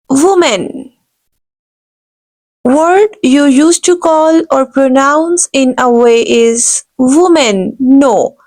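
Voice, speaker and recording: A woman's voice: high-pitched, poor audio. A woman teaching pronunciation in a video lesson, who corrects mistakes emphatically and says each word again and again. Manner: emphatic, corrects errors with repeated "no". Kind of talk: slow instructional video lesson.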